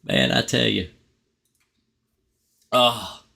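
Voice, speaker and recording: A man's voice: medium pitch, drawn-out words, vocal fry, bright, forceful tone. A middle-aged man hosting a live stream, chatting casually and rambling, often laughing at his own stories. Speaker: pest control channel host.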